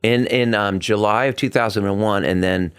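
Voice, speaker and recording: A middle-aged man with a slightly low voice tells backstage stories as an interview guest. He acts out the quotes, jumping up in pitch and volume for other people's lines. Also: normal speed, clean tone. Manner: animated storyteller, acts out quotes in a raised voice. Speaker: podcast guest, Broadway performer. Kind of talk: casual interview storytelling.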